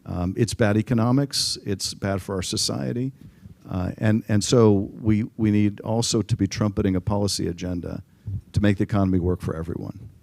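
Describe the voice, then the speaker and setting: Measured middle-aged man, dark mellow voice. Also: lowish voice, creaky, no room sound. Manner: measured, with many ums and restarts. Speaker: congressman answering audience questions. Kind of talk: public panel talk. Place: conference room.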